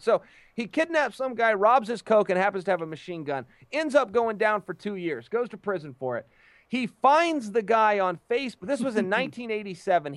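A high-pitched man tells a story in loose, casual chat, tripping over and repeating his words as he rushes along. His voice is dry and close, with no room sound around it. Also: dry recording. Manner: lively storyteller who stumbles and repeats words. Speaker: guest on a talk show.

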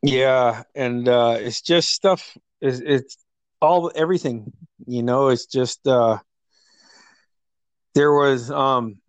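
A man's voice: slow pace, long pauses, no echo, lo-fi sound. Guy reminiscing, lots of uh and you know, bumps his voice up for quotes, dry close sound. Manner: animated storyteller, acts out quotes in a higher voice; laughs often, many fillers. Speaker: friend sharing memories. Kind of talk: casual storytelling chat.

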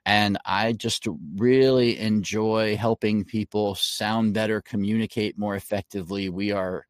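A man's voice: lowish voice, steady tone, measured pace, no echo, clean studio sound. A man, a voiceover coach, giving instructive advice as a guest in a podcast interview.

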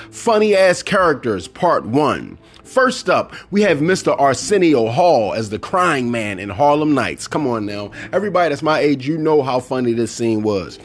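A middle-aged man hosting a casual solo podcast, talking animatedly and acting out movie lines. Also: mid-range voice. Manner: animated, quotes movie lines in put-on voices. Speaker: podcast host.

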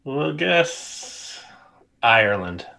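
A man's voice: medium pitch, big pitch swings, extremely slow, vocal fry, pushed and bright. A man taking part in a casual trivia quiz, making offhand guesses. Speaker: quiz contestant. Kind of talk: casual quiz show banter.

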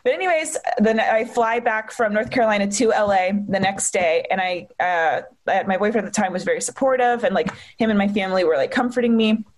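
A young woman telling a personal story in conversation, candid and halting, with many fillers and restarts. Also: mid-range voice. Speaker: guest.

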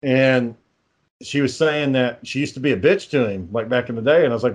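A man's voice: medium pitch, a little fast. A man telling rambling, profane stories in casual chat, laughing as he goes.

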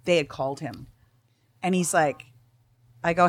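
A woman's voice: low-pitched, fairly even intonation, moderate pace, pauses often, no echo. A middle-aged woman, a guest in a casual chat, telling a story bluntly with lots of swearing and acted-out dialogue.

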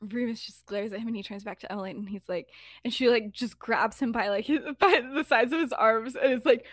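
A woman's voice: a little high, fairly quick, no room sound, clean studio sound. A young woman co-hosting a casual podcast, rambling and giggling through a fan story with lots of fillers.

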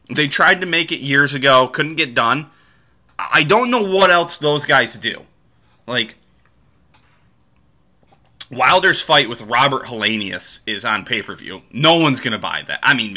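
Very bright-voiced casual podcast man. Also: fairly high pitch. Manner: rambling, with restarts and swearing. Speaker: podcast host. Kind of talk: casual sports commentary.

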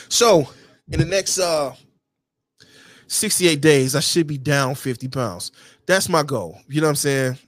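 A man's voice: a little high, measured pace, pauses often, dry recording. A man hosting his own show, talking casually and bluntly to camera with heavy profanity and a constant "you know what I'm saying". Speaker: podcast host.

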